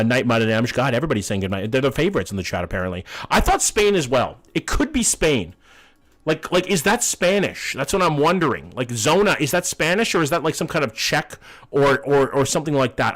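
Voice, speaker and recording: A man's voice: mid-range voice, fairly bright tone. A young man, casually chatting and swearing while playing a map-guessing game on a live stream and greeting his chat.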